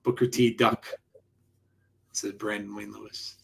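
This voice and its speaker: A man's voice: fairly low pitch, little pitch movement, a little slow, creaky, fairly bright tone, husky. A man co-hosting a wrestling podcast, chatting casually and telling rambling stories with restarts and laughs. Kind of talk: casual chat.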